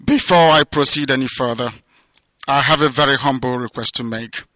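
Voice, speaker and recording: A man with a Nigerian accent giving an impassioned radio address, declaiming with loud peaks that drop to low, hushed passages. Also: moderate pace, no echo. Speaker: movement leader giving a radio broadcast.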